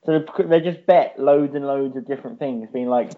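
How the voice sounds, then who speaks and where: A man's voice: mid-range voice, moderate pace, hardly any pauses. A man co-hosting a casual chat, rambling and swearing a lot, on a dull lo-fi recording. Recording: dull lo-fi sound.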